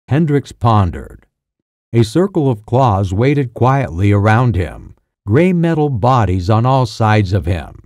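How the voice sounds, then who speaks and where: Slow, dark-voiced male narrator. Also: lowish voice, big pitch swings, no echo, clean studio sound. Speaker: audiobook narrator. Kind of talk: scripted narration.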